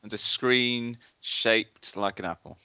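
A man co-hosts a tech podcast with dry, teasing sarcasm. His voice is fairly low yet sharp and bright, heard close and dry. The sound is dull and lo-fi. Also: slow pace, smooth, no room sound. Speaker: podcast co-host. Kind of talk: casual tech podcast banter.

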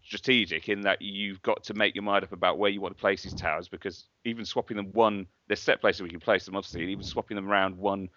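A man's voice: deep voice, steady tone, quick pace, hardly any pauses, bright, forceful tone, no room sound. A man co-hosting a podcast, chatty and opinionated with a lot of hedging. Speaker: podcast co-host. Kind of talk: casual chat. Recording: dull, slightly lo-fi dry sound.

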